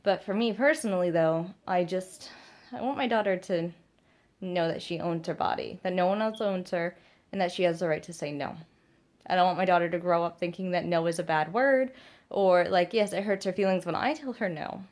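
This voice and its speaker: A young mother vlogs casually to the camera about parenting, her voice on the low side with a darkish tone and a moderate pace. She is earnest and emphatic, repeating her points to stress them.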